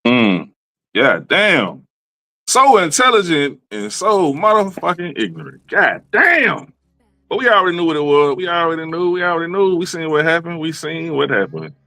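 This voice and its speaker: A man hosts a comedy livestream, ranting loosely and cursing freely. His voice is bright and pitched a bit high, with wide swings in pitch. The sound is dry and close. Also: very animated, normal speed, no echo. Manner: profane, loose, riffing rants with repeated fillers. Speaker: show host. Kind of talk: casual comedic livestream commentary.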